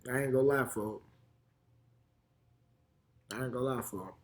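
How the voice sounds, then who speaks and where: Young chicago guy, reaction host, heated and repetitive, mid-pitched. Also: normal speed, a little hiss or hum. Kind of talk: casual reaction commentary.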